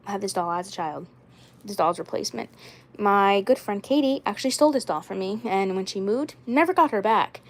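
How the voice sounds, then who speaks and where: Young woman vlogger, mid-range voice, meandering casual talk about her dolls, lots of "um" and "like". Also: mid-range voice. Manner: rambling and repetitive, many fillers. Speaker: doll collector vlogger. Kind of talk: casual doll-collection vlog.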